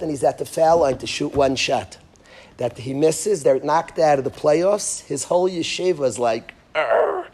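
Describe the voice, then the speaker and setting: A man, a rabbi giving a parenting lecture, telling a vivid story that swings from hushed to emphatic. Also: a little high, slightly rough.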